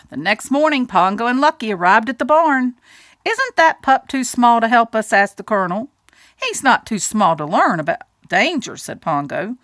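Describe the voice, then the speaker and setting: A woman's voice: on the high side, a bit bright, no room sound. A woman reading a children's picture book aloud, doing voices for the characters and adding little asides to her listeners. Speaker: storybook reader.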